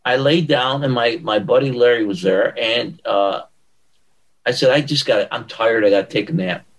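An older man recounting contest memories in an animated, expressive way. He acts out the voices of the people in his stories. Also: medium pitch, normal speed, poor audio. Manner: animated storyteller acting out quotes. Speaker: guest, former pro bodybuilder. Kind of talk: storytelling interview.

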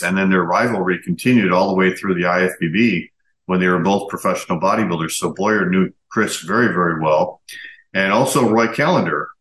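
Deep-voiced podcast host in an echoey room. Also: male voice, fairly bright tone. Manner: affirming listener with quick interjections. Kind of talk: podcast interview and narration. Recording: roomy echo.

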